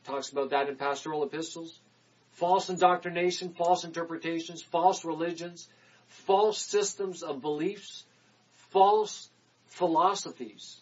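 Male preacher, sermon delivery: emphatic repeated declarations, quick asides, husky tone. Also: fairly high pitch, steady tone, darkish tone, highs cut off.

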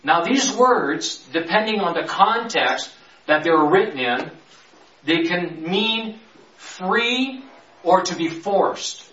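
A man teaching from the Bible in a conversational preaching style, slowly stretching key words and rushing through his asides. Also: high voice, animated, sharp tone. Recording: roomy, distant, dull sound.

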